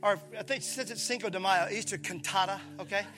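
A pastor from preaching a sermon, animated, acting out voices and calling on his listeners. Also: high voice, brisk, music in the background, a crowd in the background. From Mississippi, USA. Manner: animated, acts out voices, calls on the congregation.

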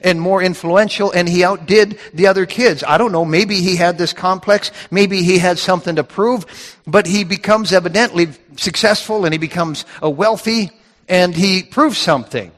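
A man's voice: high voice, normal speed, fairly bright tone. A man preaching a sermon from scripture, with emphatic, repetitive phrasing that builds in intensity. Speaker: pastor. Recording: reverberant hall.

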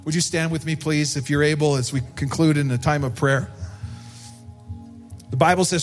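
A man preaching a sermon in a church service, slow and emphatic, and he lifts his voice to stress his points. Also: fairly high pitch, fairly even intonation, faint music behind. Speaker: pastor.

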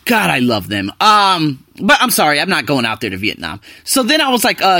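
A young man chatting casually to his viewers as a vlogger, animated and talkative, jumping between loud bursts and quiet asides. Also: on the high side, brisk, hardly any pauses, no echo, clean studio sound. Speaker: vlogger living abroad. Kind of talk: casual talk to camera.

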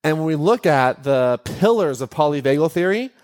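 Animated man quizzing a live audience. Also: fairly high pitch, moderate pace, faint music behind. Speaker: workshop speaker. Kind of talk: live teaching talk.

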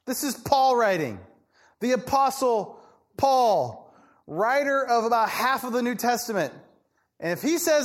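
A man preaching a sermon in a conversational, animated way, often asking "right?" and acting out voices. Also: high-pitched, normal speed. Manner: acts out people in quoted voices. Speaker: pastor.

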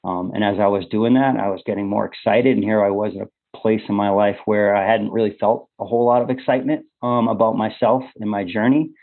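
A man's earnest, slightly low voice comes through a narrow, phone-like line. He tells his own story in conversation, pausing and restarting often. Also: fairly even intonation. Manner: earnest, halting with many fillers and restarts. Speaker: podcast guest.

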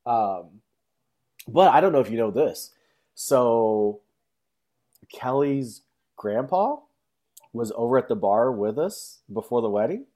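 A man's voice: expressive, unhurried, pauses often, dark tone. Young man rambling through a story. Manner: rambling, heavy on fillers like "like" and "um"; acts out quotes in high, exaggerated voices. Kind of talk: casual storytelling.

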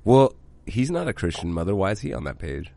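Lowish-voiced man, animated podcast chat. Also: brisk, gravelly, no echo. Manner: animated, swears freely. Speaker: podcast co-host. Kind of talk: casual chat.

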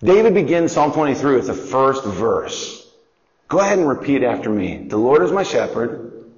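A man's voice: mid-range voice, big pitch swings, moderate pace, darkish tone. A man teaching a Bible lesson in a conversational, explanatory way, sometimes asking listeners to repeat after him and acting out quotes. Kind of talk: Bible lesson, call and response. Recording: dull audio with long hall reverb.

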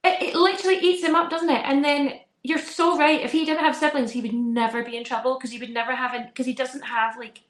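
A woman in her thirties co-hosts a podcast, chatting casually and telling animated stories in which she acts out her kids' voices. She talks fast with few pauses in a high-pitched voice, and the sound is roomy.

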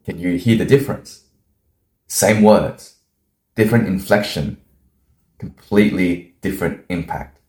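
A man giving a voice lesson in a deliberate way, showing each change with his own voice. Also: sits low, a little mellow. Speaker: voice coach. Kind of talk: instructional talk. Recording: echoey room.

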